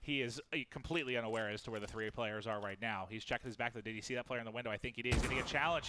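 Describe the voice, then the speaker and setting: A man calling play-by-play as an esports commentator, excitable and quick, rising sharply at big plays. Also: mid-range voice, slight background noise.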